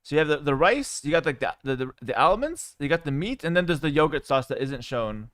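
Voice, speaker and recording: A man streaming live, chatting casually with viewers in a relaxed, rambling way, with fillers. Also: fairly high pitch, brisk, no echo, studio quality. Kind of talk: casual livestream chat.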